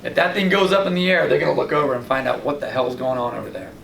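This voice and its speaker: A man hosting a fishing show, giving casual tips and telling lively stories in which he acts out his own reactions. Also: mid-range voice, fast talker, gravelly. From Long Island, New York. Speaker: fishing guide and show host. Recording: roomy, distant mic with light background noise.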